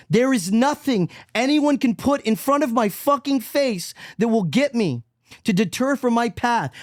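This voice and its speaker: A man hosting a solo podcast monologue, preachy and emphatic, swinging between loud mockery and low, quiet intensity. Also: no room sound, studio quality. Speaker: podcast host.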